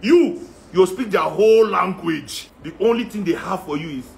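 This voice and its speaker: Brief: Nigerian man, higher voice, mocking and animated, faint background hiss. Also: normal speed, creaky. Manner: animated, mixes Pidgin and Yoruba, mocking. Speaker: musician and guest. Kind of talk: casual opinionated chat.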